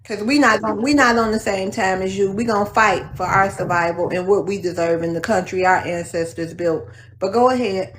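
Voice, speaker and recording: A woman's voice: medium pitch, brisk, hardly any pauses, fairly bright tone, a little hiss or hum, rough recording. Woman moderating a heated panel.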